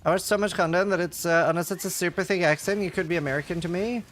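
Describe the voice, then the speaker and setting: A man talks to his live chat during a game stream, joking and answering messages as they come in. His voice sits high and sounds bright and forward. He keeps the tone light and chatty. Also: steady tone, fast talker. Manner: chatty, jokey, reads and answers chat aloud. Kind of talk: casual chat with live viewers while gaming.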